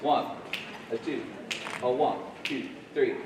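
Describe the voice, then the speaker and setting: In band rehearsal, a guest jazz clinician in his forties kindly coaches a middle school jazz band, scatting rhythms out loud. He has a medium-pitched voice and normal speed, heard from far away in an echoey room.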